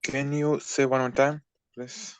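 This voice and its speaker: Slow, unsure male student, dry sound. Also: mid-range voice, little pitch movement, no echo. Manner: unsure, hesitant. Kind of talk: answering in class. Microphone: video call.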